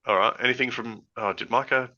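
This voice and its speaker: A man co-hosting a podcast in a relaxed, rambling chat from a hot room at home, talking through an old headset. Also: mid-range voice, fairly quick. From Australia. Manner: rambling, easygoing, laughs often. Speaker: podcast co-host. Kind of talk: casual chat. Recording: lo-fi headset audio.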